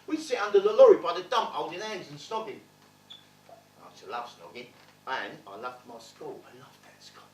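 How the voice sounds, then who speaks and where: A man performing a stage monologue, playing a streetwise man telling his rough childhood with blunt, swearing wit. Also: on the high side, normal speed, a little mellow, slight background noise, natural voice. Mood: wry. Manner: wry, blunt, swearing storyteller. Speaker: stage actor in a one-man play. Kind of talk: theatrical monologue storytelling. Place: theatre stage. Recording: roomy theatre, distant mic.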